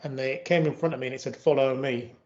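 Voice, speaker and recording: A man's voice: mid-range voice, steady tone, rapid-fire. Chatty British man with lo-fi sound. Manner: storytelling, chatty anecdotes. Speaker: co-host. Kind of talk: casual chat. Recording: dull lo-fi sound.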